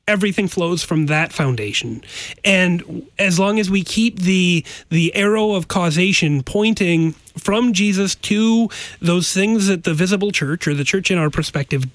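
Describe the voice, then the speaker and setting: A man's voice: sits high, a bit bright, dry recording. A man, a pastor discussing theology in earnest, emphatic bursts.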